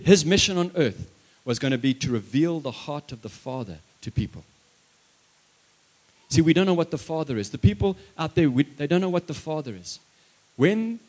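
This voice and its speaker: A male preacher with a voice pitched a touch above the usual, delivering a sermon with story-telling. He swings from loud, emphatic declarations to quiet, hushed phrases. He drops into chatty asides to his listeners. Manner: conversational asides to the congregation.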